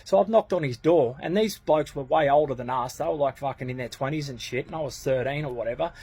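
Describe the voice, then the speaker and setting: A man's voice: mid-range voice, fast talker, mellow, breathy edge. A man in his thirties with an Australian accent, telling a blunt, slang-heavy story from his youth with plenty of swearing. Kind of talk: casual storytelling.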